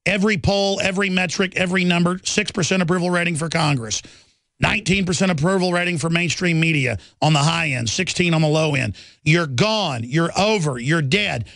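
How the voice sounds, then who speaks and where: A man rants through a talk radio monologue, combative and taunting. His voice sits high for a man. The sound is dry and close, with no room around it. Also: fairly quick, gravelly, fairly bright tone, no echo. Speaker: radio talk show host.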